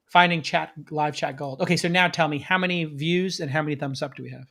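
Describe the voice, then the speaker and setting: A man's voice: on the high side, fairly even intonation, fairly quick, gravelly, pushed and bright. A man hosting a live-streamed show, chatting with his producer and viewers, then reading through tech news. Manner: chatty, upbeat, talks to the audience and producer. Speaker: podcast host.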